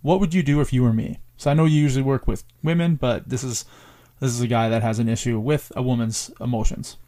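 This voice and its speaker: A man's voice: mid-range voice, steady tone, fast talker, dark tone. A man hosting a casual podcast conversation, joking and self-deprecating about his own habits as he asks for advice. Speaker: podcast host.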